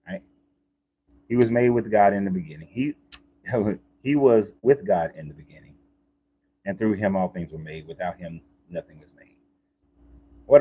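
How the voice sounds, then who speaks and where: A man's voice: deep voice, slightly rough, muffled recording. A man talking in a casual, rambling monologue, often restarting and repeating himself, as a life coach.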